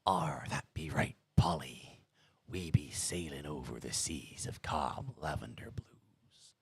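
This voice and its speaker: A man voicing a soothing old pirate in a slow, hushed whispered role-play. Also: rumbling low, gravelly, breathy edge, dry recording, voice pushed down, heavily acted.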